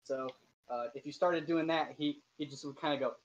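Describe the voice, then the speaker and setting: A man running a tabletop game online, describing scenes in a relaxed, rambling way with lots of fillers. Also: fairly high pitch, normal speed, highs cut off. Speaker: game master. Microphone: voice chat over internet.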